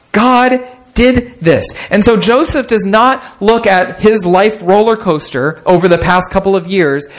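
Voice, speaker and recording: A male pastor delivering a sermon, reading scripture aloud and explaining it with emphatic asides, slowing down to stress key phrases. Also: sits high.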